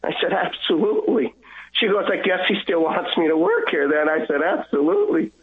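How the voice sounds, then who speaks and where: A man speaks over a thin, tinny phone line, his voice sitting a little high. He tells his story earnestly, stumbling over restarts and acting out the lines of others. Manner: earnest, halting storyteller who acts out dialogue. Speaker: guest caller. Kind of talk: telling a personal faith story.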